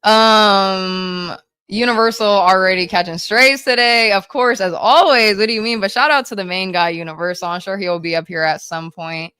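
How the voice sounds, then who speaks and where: A woman livestreaming, reading chat messages aloud in a hyper, rapid-fire, casual way with frequent swearing. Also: medium pitch, fairly even intonation, bright, forceful tone, smooth, no echo.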